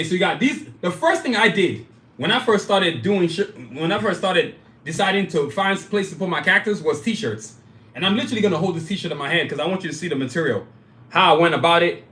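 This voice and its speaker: A man's voice: a little high, a bit bright, reverberant. A man who creates his own animation series, talking casually and bluntly to his phone camera as he shows off his merchandise. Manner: blunt, emphatic, says "y'all" and "you know what I'm saying".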